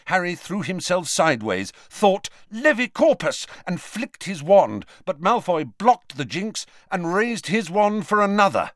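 A man's voice: high voice, animated, measured pace, few pauses, no echo. A man narrating a novel as an audiobook, with dramatic storytelling. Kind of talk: scripted narration.

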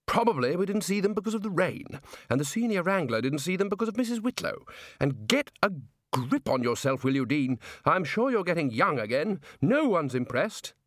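A man's voice: a little high, big pitch swings, normal speed, dry recording, voice pushed up. A man voicing a pompous, bossy elderly wizard leader in a blustering, imperious manner.

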